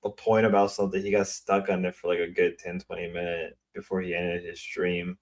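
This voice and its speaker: A man hosting a laid-back online stream chat in a lowish voice. He talks in loose, relaxed sentences that often restart or trail away. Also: brisk.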